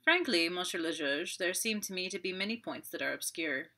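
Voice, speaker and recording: A woman voicing a polite, shrewd older detective in an audiobook, measured and guarded in speech. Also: lowish voice, lively intonation, bright, forceful tone, heavily acted.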